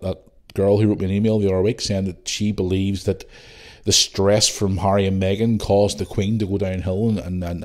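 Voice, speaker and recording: A man ranting on his own podcast, exasperated and full of sarcasm. His voice sits a little low for a man. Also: warm tone. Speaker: podcast host. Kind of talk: solo podcast rant.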